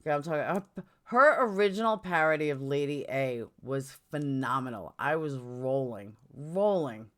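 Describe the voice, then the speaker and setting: A woman's voice: deep voice, lively intonation, normal speed. A middle-aged woman with a New York accent hosting a casual livestream chat from home, blunt and chatty, jumping between topics. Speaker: livestream host. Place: home, indoors.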